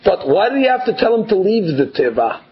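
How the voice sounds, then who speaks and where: A rabbi teaches his regular class with a high-pitched voice. He talks to his listeners in a conversational way and answers their imagined objections himself. The recording sounds dull and lo-fi. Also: very animated, fairly quick. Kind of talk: Torah class.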